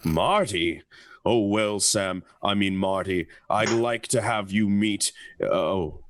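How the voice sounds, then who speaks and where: A man's voice: lowish voice, takes it slowly, pitched below the performer's own voice. A man reading the part of a fussy, flustered middle-aged hostess in an amateur radio-play reading. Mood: fluttery.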